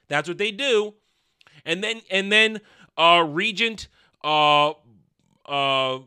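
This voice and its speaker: Sharp-voiced man ranting sarcastically. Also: sits high, clear, resonant tone. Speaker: film reviewer. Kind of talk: ranting movie review commentary.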